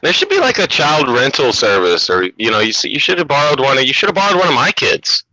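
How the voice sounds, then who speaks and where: Lively bright-voiced man on a dull line. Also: mid-range voice, quick pace, no room sound. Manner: animated, acts out quoted voices. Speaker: comedian guest. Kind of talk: casual comedy chat. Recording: dull lo-fi sound.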